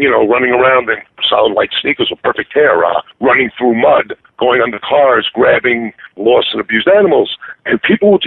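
A man's voice: mid-range voice, vocal fry, slightly rough, dry recording. A man, talking earnestly and streetwise as a guest, often laughing. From Brooklyn, New York. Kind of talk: casual interview chat. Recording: dry tinny phone-like line.

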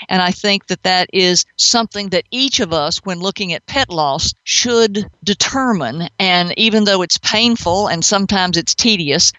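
A man's voice: sits high, bright, forceful tone, no room sound, dull audio. A man hosting a talk show, speaking in an earnest, musing way with long winding sentences. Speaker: radio show host. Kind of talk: reflective talk show commentary.

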